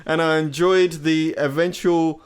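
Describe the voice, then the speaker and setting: A man voicing his dad reading out a film review, flat and plain, saying spoiler over the skipped parts. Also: fairly high pitch, a little slow, clean tone, natural voice. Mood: deadpan reading.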